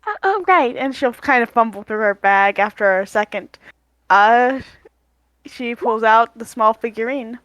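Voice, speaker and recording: Brief: woman player narrating her character, hesitant, slightly high, dry sound. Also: steady tone, unhurried, a bit bright, no room sound, low-quality recording. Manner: hesitant, filler-heavy narration. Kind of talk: describing her character in a tabletop game.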